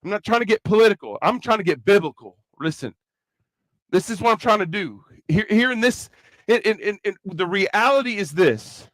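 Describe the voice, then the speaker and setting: A man with a Kentucky accent preaches to young people in a high, bright voice, mixing jokes into the sermon. The sound is dry and close, with no room echo. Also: normal speed. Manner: chatty, joking, animated preaching. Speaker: youth rally speaker. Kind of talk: conversational sermon with comic asides.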